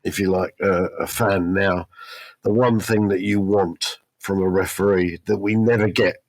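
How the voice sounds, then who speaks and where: A low-pitched man chats football on a podcast, sounding like a former player with firm opinions. He often stumbles and restarts mid-sentence as he warms up. The sound is dry and close, with no room around it. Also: steady tone, a little slow, dry recording. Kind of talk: casual football chat.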